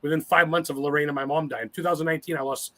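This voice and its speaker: Fast, bright-voiced man in his forties. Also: fairly high pitch, steady tone. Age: 40s. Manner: rambling, profane and emotional. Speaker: podcast guest. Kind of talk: casual interview storytelling.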